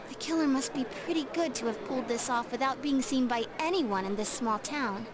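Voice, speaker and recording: A woman's voice: sits high, moderate pace, background noise, lightly acted. A woman voicing a teenage girl in a video game, speaking in an earnest, matter-of-fact way. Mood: serious.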